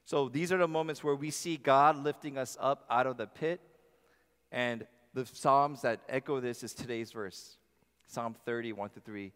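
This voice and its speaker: A male pastor preaching in a church, his voice sitting at an ordinary middle pitch. He talks emphatically, rising loud and dropping soft, and each phrase trails off into the long reverb of a large hall. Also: moderate pace, clear, resonant tone. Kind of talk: sermon.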